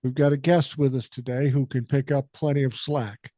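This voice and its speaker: A man's voice: mid-range voice, steady tone, normal speed, mellow, dry recording. An older man hosting a podcast, talking casually and bluntly with lots of swearing, a bit under the weather with a cold. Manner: blunt, profane, storytelling. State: has a cold. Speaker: podcast host.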